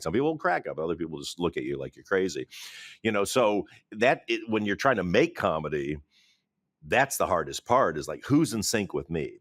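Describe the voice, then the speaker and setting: A man, a film director, talking in an interview from his office, animated, laughing often and acting out quotes. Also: deep voice, no room sound, clean studio sound. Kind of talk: interview conversation.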